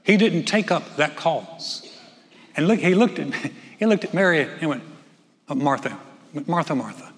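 A man's voice: a little high, lively intonation, a little slow, long reverb tail. A man preaching a sermon as pastor, conversational and folksy, with joking asides. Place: church sanctuary.

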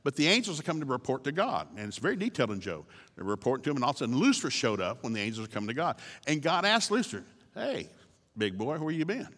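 A man's voice: mid-range voice, sing-song, racing, fairly bright tone, long reverb tail. A man preaching as a guest speaker, telling the story with folksy humor. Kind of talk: sermon.

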